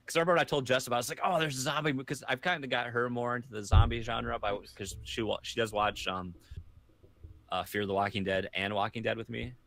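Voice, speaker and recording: A man's voice: mid-range voice, steady tone, fairly quick, vocal fry, fairly bright tone. A man co-hosting a podcast, chatting casually and rambling with many restarts. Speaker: podcast co-host. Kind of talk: casual chat.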